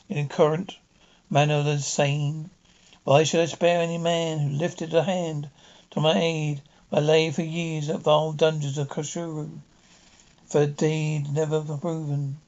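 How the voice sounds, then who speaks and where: A man's voice: flat delivery, unhurried, a little mellow, lo-fi sound. A man voicing an insane, murderous male innkeeper who roars and gloats. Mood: raving. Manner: roaring, booming mad laughter.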